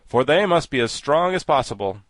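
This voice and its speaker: A man voicing a practical tin man in a storybook reading, calm, with a measured, matter-of-fact manner. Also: medium pitch, no echo, pitched above the performer's own voice, close to an everyday voice. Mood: decisive.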